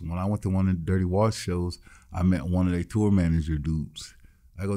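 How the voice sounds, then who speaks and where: A man's voice: deep voice, normal speed, dark tone. A man, a musician guest in an interview, telling his story bluntly and acting out the voices of the people in it. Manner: blunt, swears freely.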